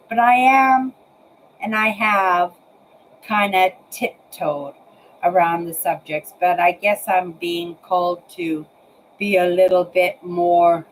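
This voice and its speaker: A woman's voice: medium pitch, slight background noise, low-quality recording. A woman in her sixties talking casually to her webcam at home, rambling and repeating words as she speaks to her viewers. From Canada. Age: 60s. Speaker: vlogger. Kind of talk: casual talk to camera. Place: apartment, indoors.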